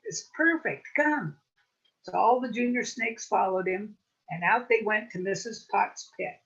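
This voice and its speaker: A woman storyteller telling a playful folk tale with lively wordplay at a story swap. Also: medium pitch, dull audio.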